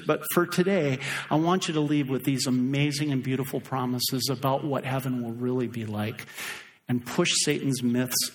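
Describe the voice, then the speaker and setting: A middle-aged man preaching a sermon as pastor, animated and acting out voices for emphasis. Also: a little high.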